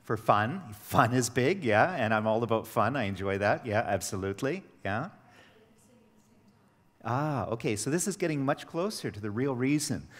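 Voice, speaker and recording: A middle-aged man giving a workshop to teachers, telling stories with lively acted dialogue. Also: medium pitch, normal speed. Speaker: teacher trainer. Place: training hall. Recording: echoey hall with long reverb.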